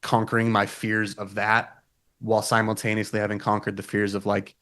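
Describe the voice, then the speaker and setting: Podcast guest, male, low-pitched, animated storyteller, heavy swearing and "like" fillers. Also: a little fast. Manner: swears often, frequent "like" fillers. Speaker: podcast guest, metal guitarist.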